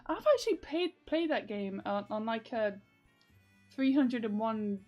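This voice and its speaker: A young woman chats casually to her viewers in a rambling, giggly way, peppering her talk with fillers. Her voice sits a bit high, with faint music playing behind her. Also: animated, a little slow, a little mellow. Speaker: vlogger.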